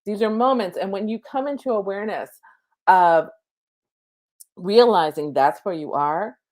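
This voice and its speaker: A woman spiritual coach talking casually and reassuringly about slowing down and faith, full of chatty asides and "okay?" check-ins, at times leading a slow counted breathing meditation. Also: mid-range voice, a little mellow. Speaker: spiritual coach giving an oracle card reading. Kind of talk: casual spiritual guidance talk.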